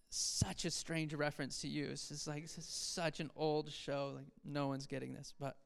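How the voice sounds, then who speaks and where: Pastor in the pulpit, man, smooth clear voice, casual storytelling sermon with sudden emphatic peaks. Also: on the high side. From Seattle area, USA. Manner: conversational preaching, self-deprecating asides, quick swings from soft to emphatic. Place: church sanctuary.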